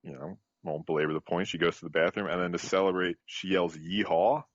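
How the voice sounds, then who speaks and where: Deep-voiced man, laughing storyteller. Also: fast talker, creaky, no room sound, muffled recording. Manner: animated storyteller, laughs often. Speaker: podcast co-host. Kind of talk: casual chat.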